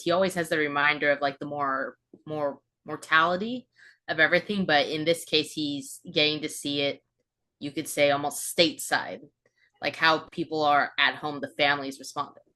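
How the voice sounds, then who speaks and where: Woman, podcast co-host, very low yet bright voice, chatty hedging retelling. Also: steady tone, normal speed. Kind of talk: casual chat.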